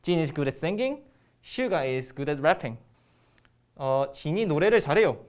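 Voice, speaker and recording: Korean-accented woman explaining grammar, low voice but really lively ups and downs, lots of ums. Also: racing. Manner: explains step by step with frequent ums and restarts. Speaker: Korean language teacher. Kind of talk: recorded grammar lesson.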